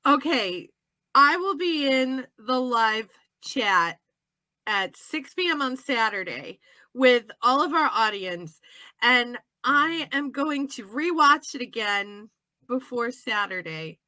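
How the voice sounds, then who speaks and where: Lively, high-voiced woman co-hosting a chat. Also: slow pace, no echo. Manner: animated, laughing, acts out characters. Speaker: podcast co-host. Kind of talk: casual chat.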